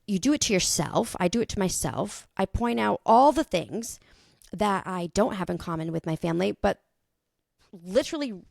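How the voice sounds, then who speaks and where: Gravelly-voiced woman podcast host rambling. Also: mid-range voice, dry recording, clean studio sound. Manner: rambling, thinks out loud, swears. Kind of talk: casual monologue.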